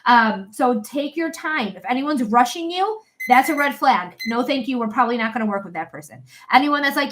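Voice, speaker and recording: A woman's voice: sits high, lively intonation, a little fast, hardly any pauses, a bit bright. A young woman giving a live psychic reading in a chatty, blunt way, swearing casually. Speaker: psychic reader.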